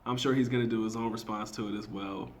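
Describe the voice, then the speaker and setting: A man's voice: on the low side, steady tone, fast. A man, a marketing teacher, giving a slangy, casual reaction commentary, emphatic and often laughing.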